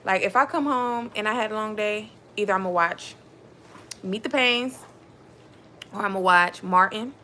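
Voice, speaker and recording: A woman's voice: mid-range voice, normal speed, pauses often, bright, forceful tone, slight background noise. Chatty woman live-streaming to viewers. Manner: chatty, addresses viewers as y'all. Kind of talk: casual live-stream chat.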